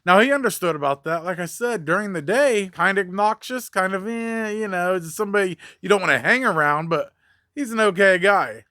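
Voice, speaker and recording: A man's voice: high voice, expressive, fairly quick, pushed and bright, no echo, clean studio sound. A man who works as a mobile mechanic, telling a story casually, with blunt, profane, conversational talk.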